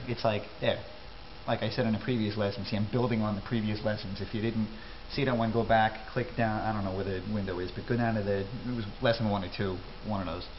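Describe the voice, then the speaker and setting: A man's voice: lowish voice, muffled recording, a little hiss or hum. A man with a New York accent giving a brash, wisecracking tutorial on local greetings. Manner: brash, wisecracking, matter-of-fact. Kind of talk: comedic tutorial.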